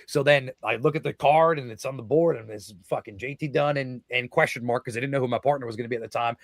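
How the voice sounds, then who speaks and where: A young man, a guest wrestler, telling stories in a podcast interview, excited and full of swearing, shouting out the quotes he acts out. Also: mid-range voice, quick pace, creaky, no room sound. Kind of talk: casual storytelling in a podcast interview.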